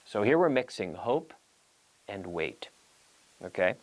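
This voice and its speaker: A man hosting a language-learning show, teaching in a lively, playful way and acting out little scenes as examples. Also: on the low side, slow pace, pauses often. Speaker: English teacher and show host. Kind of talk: bilingual language lesson.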